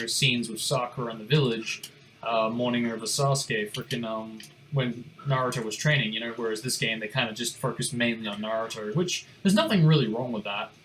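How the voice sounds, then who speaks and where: A young man talking through a game run in casual commentary, at a middle pitch. He rambles, mutters to himself and swears offhandedly as he plays, with a faint hiss behind him. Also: a little fast, fairly bright tone. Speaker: gaming streamer.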